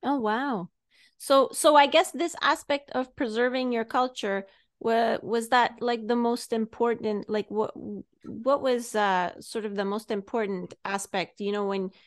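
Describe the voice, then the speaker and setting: A woman co-host with a fairly high voice asks her question haltingly, rephrasing several times. The sound is dry and close to the mic. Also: fairly even intonation, no echo. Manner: hesitant, rephrasing as she asks. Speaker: podcast co-host. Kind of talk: interview questions.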